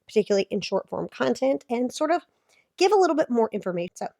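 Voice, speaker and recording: Her voice sits on the high side, mellow and sing-song with vocal fry, and she speaks quickly despite sounding sick. She's a vlogger in her thirties giving chatty, filler-heavy, explanatory commentary on fitness advice, recorded in studio quality without echo.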